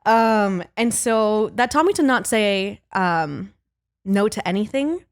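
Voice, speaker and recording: A woman's voice: mid-range voice, animated, slow pace, smooth, no echo, clean studio sound. A woman talking as a guest actor on a podcast, chatty and self-deprecating, laughing easily. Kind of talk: podcast interview chat.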